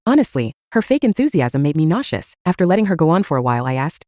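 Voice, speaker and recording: Quick, wry young woman narrator. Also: deep voice, very animated, mellow, dry recording, muffled recording. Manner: dry, blunt and wry. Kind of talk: first-person story narration.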